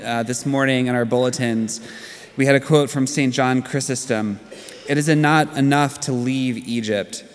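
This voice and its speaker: A man in his thirties preaching a sermon as pastor, earnest and conversational, telling stories to make his points. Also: mid-range voice. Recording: long hall reverb.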